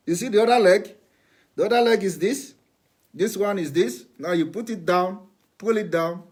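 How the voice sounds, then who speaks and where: A man's voice: high voice, darkish tone. A man giving a repetitive, instructive demonstration to viewers in a live broadcast. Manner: repetitive, instructive, plain spoken.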